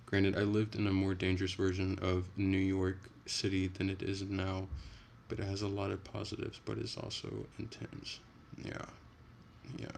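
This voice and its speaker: A man's voice: low voice, completely flat delivery, moderate pace, creaky, a little mellow, slight background noise. A man chatting casually on a livestream, rambling and profane, with frequent restarts.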